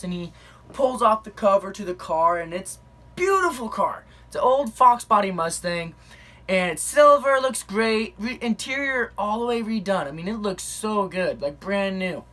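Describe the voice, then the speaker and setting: A woman's voice: mid-range voice, pushed and bright. A young woman telling a personal story in a chatty, rambling way, full of fillers and little laughs. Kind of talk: casual spoken storytelling.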